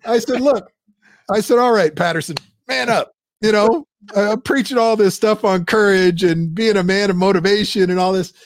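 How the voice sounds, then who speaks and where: Animated high-voiced male storyteller. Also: moderate pace, no room sound, clean studio sound. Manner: animated storyteller, acts out quotes in a high squeal. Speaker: guest, business founder. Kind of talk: storytelling interview.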